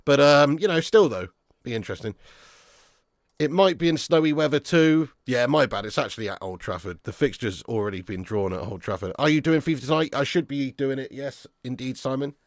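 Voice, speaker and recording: Animated and fairly quick, a medium-pitched young man hosts a football fan live stream, reading comments from viewers in easygoing banter. He laughs often and calls people lad and mate, and the sound is dry and clean, like a studio.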